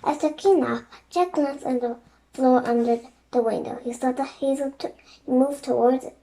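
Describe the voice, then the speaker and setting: A young reader narrating a children's chapter book aloud in a steady, plain read-aloud way. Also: high-pitched, normal speed, gravelly. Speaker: storybook reader.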